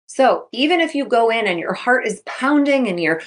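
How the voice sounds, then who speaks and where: A woman's voice: on the high side, lively intonation, moderate pace. A woman in her thirties, a sports mindset coach hosting her podcast, talking casually and upbeat, acting out quotes as she goes. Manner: upbeat, chatty, acts out quotes. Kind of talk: casual solo podcast talk.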